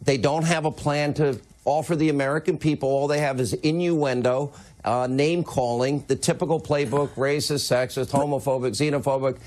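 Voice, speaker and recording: A man hosting a TV news interview, giving brisk and combative commentary. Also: medium pitch, fairly even intonation, darkish tone. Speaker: TV news host.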